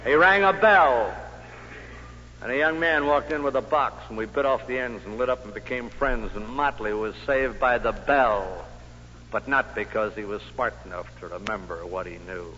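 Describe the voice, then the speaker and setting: An older sales executive giving a speech to an audience, telling a story with dry humor and loud emphatic peaks. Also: male voice, medium pitch, moderate pace, a little hiss or hum. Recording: muffled old hall recording.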